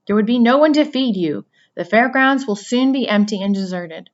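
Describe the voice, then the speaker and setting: A woman reading a storybook aloud, voicing a weak, dying female spider who speaks low and calmly. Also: normal speed, highs cut off, lightly acted. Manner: quiet, low, calm.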